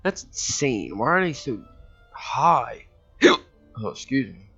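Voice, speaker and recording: Playing a strategy game, a man offers casual let's-play commentary, thinking aloud, reading game text, and hiccuping now and then. His mid-range voice is sing-song and unhurried, bright and forceful, slightly rough with vocal fry. The recording is muffled, with faint music behind.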